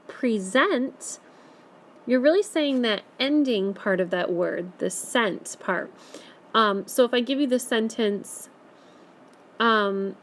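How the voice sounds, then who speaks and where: A woman's voice: medium pitch, a little hiss or hum. Patient woman teaching a spelling lesson. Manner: patient, explaining step by step. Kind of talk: recorded classroom lesson.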